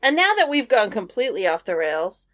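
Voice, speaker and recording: A woman's voice: mid-range voice, big pitch swings, fairly quick, fairly bright tone. A woman co-hosting a podcast in casual chat, teasing her friends and laughing often. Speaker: podcast co-host.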